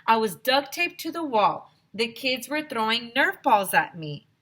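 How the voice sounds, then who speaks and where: Lady doing a squeaky panicky guy begging, storybook voice. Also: sing-song, a little slow, fairly bright tone, exaggerated voice. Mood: pleading. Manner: high, pleading, protesting.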